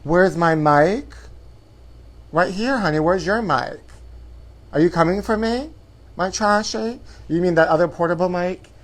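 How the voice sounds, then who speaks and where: A man's voice: sits high, measured pace, long pauses. A man hosting a live show from his apartment, chatty and theatrical, sprinkling "honey" through his campy gossip. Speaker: host.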